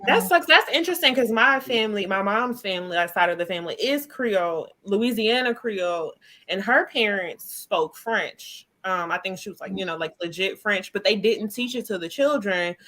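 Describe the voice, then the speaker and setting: A woman's voice: medium pitch, expressive, normal speed, a bit bright. A woman in a casual chat, talking in a thoughtful, reflective way.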